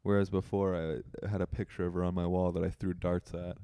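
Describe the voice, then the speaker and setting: A man's voice: low-pitched, a little fast, clean tone, no room sound. A man co-hosting a comedy podcast, a stand-up comic who laughs often and mocks himself in loose chat. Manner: laughs often, lively and self-mocking. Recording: dry close-miked.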